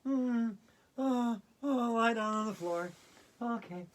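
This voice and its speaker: A woman's voice: a little high, slow. A woman hosting a playful yoga routine, giggling and laughing through the poses. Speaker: yoga video host.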